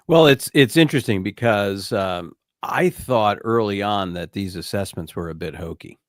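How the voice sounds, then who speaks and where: A man's voice: on the low side, normal speed, no room sound. Middle-aged man hosting, dry close sound. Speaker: host, company CEO. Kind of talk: business podcast interview.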